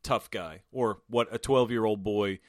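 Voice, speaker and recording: A man's voice: lowish voice, measured pace, dry recording, studio quality. A man co-hosting a casual movie recap, swearing freely and laughing as he mocks the film. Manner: profane, laughing asides, mocking the film. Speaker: podcast co-host.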